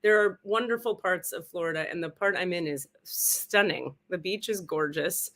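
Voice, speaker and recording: A California woman hosts her own casual livestream as a spiritual host, chatting from a rented home. She's playful, profane, and self-mocking, with a somewhat low, fairly bright voice at a moderate pace.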